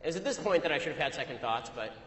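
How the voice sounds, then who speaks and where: A man delivering an anecdotal, argumentative speech to an audience, telling his story rapidly. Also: on the high side, expressive, a bit bright. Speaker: public speaker. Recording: echoey hall, long reverb.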